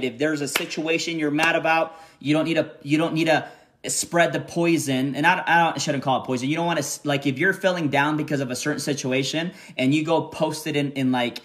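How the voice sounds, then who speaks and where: A man speaking with a fairly high-pitched voice in a loose, pumped-up motivational talk to his team. He drives his points home by repeating them and keeps tagging lines with "okay?" and "right?". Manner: energetic, repeats himself, peppers lines with "okay?". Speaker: network marketing team leader. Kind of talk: motivational live stream talk. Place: resort room by a heated pool on a snowy day.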